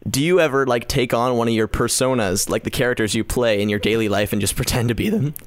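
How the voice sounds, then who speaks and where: A male podcast co-host joining in casual chat with quick, goofy, self-mocking quips. He talks fast, and his voice sits close and dry with no room sound. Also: medium pitch, dry recording.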